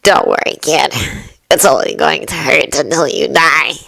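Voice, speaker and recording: A woman's voice: sits low, a little slow, vocal fry, pushed and bright, pitched below the performer's own voice, exaggerated voice. A woman voicing a sneering, unhinged male villain in a fanfiction reading. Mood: taunting. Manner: sneering, taunting.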